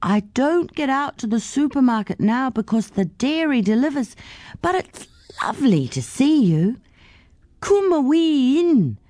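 A woman's voice: high voice, very animated, unhurried, dark tone, dry recording, studio quality, pitched above the performer's own voice. A woman voicing a kindly, frail elderly Scottish woman who puffs and pants as she talks. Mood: fond. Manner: breathless, fond, puffing between words.

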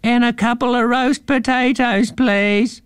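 A man's voice: fairly even intonation, unhurried, smooth, dry recording, studio quality. A man voicing a small, nervous male pink mouse in a storybook reading. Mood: calling out. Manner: squeaky, high and nervous.

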